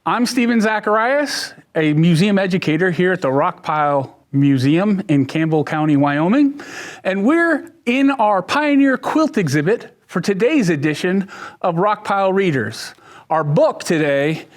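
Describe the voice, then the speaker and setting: A man, a museum educator, reading a children's picture book aloud in a museum exhibit, with expressive storytelling. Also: high-pitched, measured pace.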